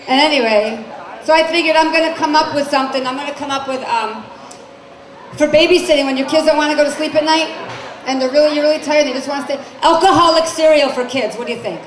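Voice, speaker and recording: A woman in her forties doing a stand-up comedy set on a club stage, brassy and chatty, questioning the crowd. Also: sits high. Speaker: stand-up comic. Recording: echoey club with crowd noise. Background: crowd laughter and room noise.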